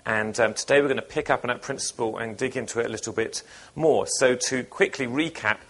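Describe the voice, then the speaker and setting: A man preaching a sermon to his congregation. He reads scripture aloud and talks about it in a relaxed, conversational way, with frequent filler words. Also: medium pitch, fairly quick. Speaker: pastor.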